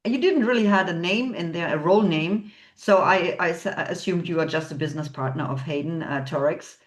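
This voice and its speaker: A woman's voice: lowish voice, brisk. A woman interviewing an actor, talking hesitantly with many filler sounds as she goes. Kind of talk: interview questions.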